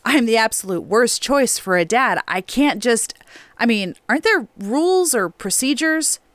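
A woman's voice: on the high side, expressive, unhurried, no room sound. Woman reading as a reluctant young man, rambling, self-correcting, clean voice, dry recording, audiobook. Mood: nervous.

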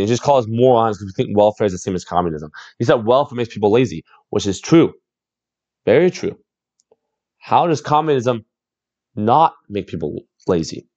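Host, male, lively reacting voice with frequent laughs, slightly dull recording. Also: mid-range voice. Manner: amused, laughs often, repeats exclamations. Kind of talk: casual reaction commentary.

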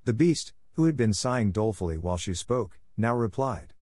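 A man's voice: fairly low pitch, lively intonation, a little fast, hardly any pauses, a little mellow, no room sound, clean studio sound. A man steadily reading a fairy tale aloud as narrator. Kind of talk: storybook read-aloud.

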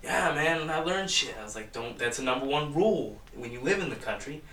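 A man's voice: medium pitch, expressive, fairly quick, pushed and bright, slight background noise. A young man telling a rambling, profanity-filled story in casual chat with friends. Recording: echoey room from far off.

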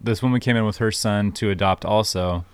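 A man with a very deep voice, recorded dry and close with no room sound, tells a story on a podcast. He stays matter-of-fact and understated. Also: a little fast, smooth, no echo. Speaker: podcast co-host. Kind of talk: casual storytelling.

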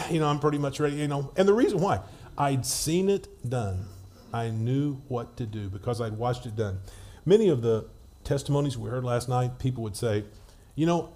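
A man delivers a sermon in a relaxed, conversational way, often restarting his phrases as he tells a story. His voice is mellow and dark, sitting at an ordinary pitch. When he reads scripture, his delivery slows and becomes more measured. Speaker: preacher.

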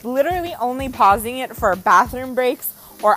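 A woman's voice: fairly high pitch, normal speed, faint music behind, low-quality recording. A young adult woman vlogging in a casual, dramatic storytelling manner. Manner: dramatic, animated storytelling with acted quotes. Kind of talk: casual chat to camera.

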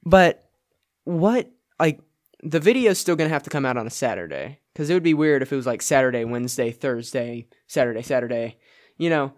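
A man's voice: medium pitch, expressive, quick pace. A young man co-hosting a podcast, chatting casually in a rambling way, with lots of fillers and frequent laughs. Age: young adult. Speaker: podcast co-host. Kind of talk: casual chat.

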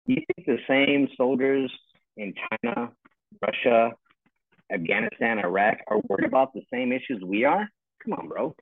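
A man's voice: mid-range voice, animated, normal speed, no echo. Profane middle-aged man ranting on a call. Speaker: retired army first sergeant, guest. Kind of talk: casual podcast chat. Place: at home. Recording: tinny phone-like call line.

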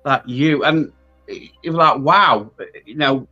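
A man's voice: mid-range voice, unhurried, sharp tone, soft background music. A man hosts a casual paranormal chat, rambling and tagging his points with questions. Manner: chatty, trailing, asks for agreement with tag questions. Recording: slightly dull, lo-fi sound.

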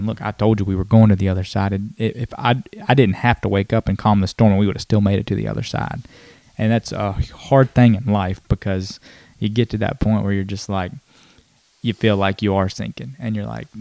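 Man reading bible verses then explaining, flat low voice, mellow, dry. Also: a little fast, gravelly, no echo. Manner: plain, earnest teaching. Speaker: co-host.

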